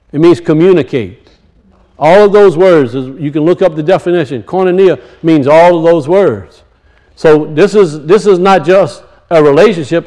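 High-voiced man preaching a sermon. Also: a little mellow, low-quality recording. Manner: emphatic and repetitive, calling out to the congregation.

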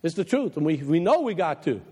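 A male pastor delivers an impassioned sermon, his voice swinging widely from low, hushed asides to soaring high exhortations. The reverb of a big church hall hangs behind every line. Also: very animated, brisk, husky. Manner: impassioned preaching, drops low for quoted advice. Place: church sanctuary.

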